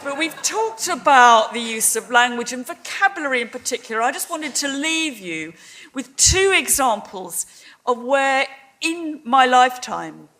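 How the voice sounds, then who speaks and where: A woman's voice: sits high, sing-song, a little slow, a bit bright. A middle-aged woman making a persuasive debate speech in a wry, conversational way. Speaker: debate speaker.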